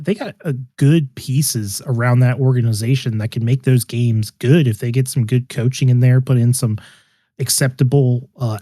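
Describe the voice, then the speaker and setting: Podcast co-host, man, mid-pitched, warm mellow tone, dry recording, easygoing sports chat. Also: no room sound.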